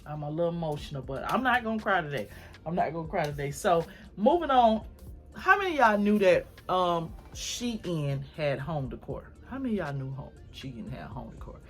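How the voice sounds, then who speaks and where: A woman's voice: low-pitched, very animated, normal speed, faint music behind. A woman vlogger chatting casually and effusively to her viewers at home while showing off home decor items. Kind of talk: casual haul chat to camera.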